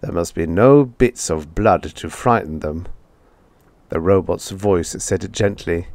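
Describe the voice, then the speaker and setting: A man reading a vintage science fiction story aloud in a measured, expressive storytelling manner. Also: sits low, no room sound. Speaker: audiobook narrator. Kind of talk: scripted narration.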